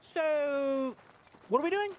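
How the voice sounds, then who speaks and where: A man doing an impression of a confused young woman streamer in a put-on English accent, halting and apologizing again and again. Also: very high-pitched, voice pushed up. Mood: flustered. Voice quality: halting, repeats sorry.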